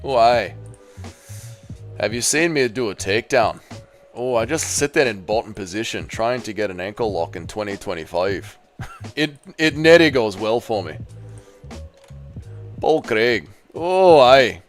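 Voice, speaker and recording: A self-mocking Scottish fighter, put on by a man in a low, gruff mock brogue that leans on "laddie" and "oh aye". The voice sits well below his usual register. Faint music plays underneath. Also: lively intonation, unhurried, long pauses.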